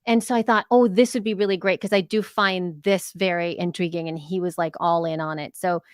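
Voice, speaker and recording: A woman's voice: lowish voice, steady tone, a little fast, clear, resonant tone, dry recording, clean studio sound. A woman co-hosting a podcast, chatting casually and upbeat with plenty of fillers. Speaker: podcast co-host. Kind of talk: casual chat.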